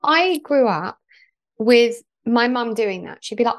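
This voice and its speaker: A woman's voice: on the high side, expressive, a little slow. A woman hosting a podcast, asking long, chatty questions with restarts. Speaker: podcast host. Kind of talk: podcast interview.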